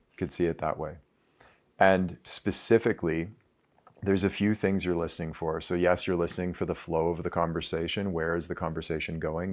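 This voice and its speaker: Deep-voiced man giving a casual talk. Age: 30s. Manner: loose and conversational, with frequent "like" fillers and profanity. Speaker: speaker addressing a live audience.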